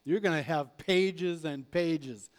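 A man preaching a sermon as a pastor, animated, acting out prayers and replies. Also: fairly high pitch, takes it slowly.

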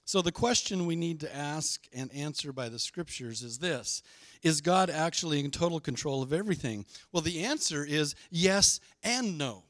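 A man's voice: a little high, moderate pace, a bit bright, no echo, clean studio sound. A middle-aged male pastor preaching a sermon, emphatic and leading the congregation in call-and-response.

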